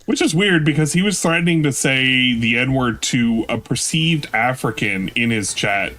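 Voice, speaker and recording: A man's voice: mid-range voice, animated, measured pace, sharp tone. A man casually commenting on clips during a live stream, mocking and offhand. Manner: mocking, offhand, often swearing.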